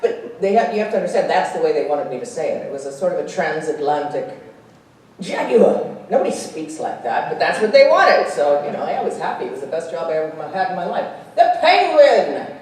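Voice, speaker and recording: An actress speaking at a convention panel, animated and quick to laugh as she tells stories and acts out voices. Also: deep voice. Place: convention hall stage. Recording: echoey hall, distant, faint hiss.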